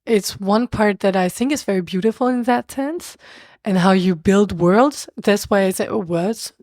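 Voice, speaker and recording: A woman's voice: mid-range voice, normal speed, darkish tone, no echo, clean studio sound. A young woman with a French accent, a podcast guest chatting casually and animatedly, often laughing and restarting her sentences. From France. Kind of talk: casual conversational interview.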